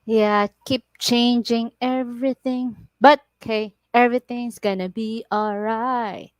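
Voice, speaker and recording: Filipino woman vlogger, middle-aged, slow animated storyteller, dry close audio. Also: on the high side, clean tone, dry recording. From Philippines. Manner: animated storytelling, laughs often, broken English. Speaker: vlogger on a livestream. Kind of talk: casual livestream chat.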